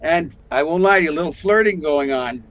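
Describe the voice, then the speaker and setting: An older man from Canada tells stories from his acting career, slipping into quoted voices as he goes. His voice sits fairly high for a man. The audio is dull and lo-fi. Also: brisk. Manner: animated storyteller, acts out quotes. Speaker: guest actor. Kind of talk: casual interview storytelling.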